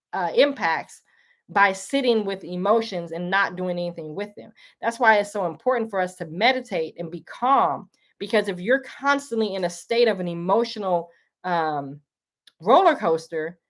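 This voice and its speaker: A woman hosting a live talk, speaking earnestly and preachily to her listeners, calling them y'all. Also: medium pitch. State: emotional, tearing up. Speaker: livestream host. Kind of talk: casual spoken monologue.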